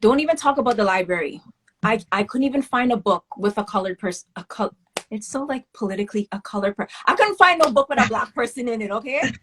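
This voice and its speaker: A woman of West Indian heritage talking candidly as an interview guest, telling animated stories about her work and childhood. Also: on the high side, quick pace, breathy edge. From West Indian family. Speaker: guest, children's book author. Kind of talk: casual interview talk.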